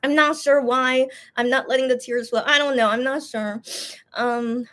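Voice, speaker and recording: A young woman talking casually into her own mic on a livestream. Her voice sits a little high, and she rambles, restarts sentences and leans on fillers. She gets openly emotional as she goes. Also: steady tone, moderate pace, fairly bright tone. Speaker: livestream host. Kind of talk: casual chat.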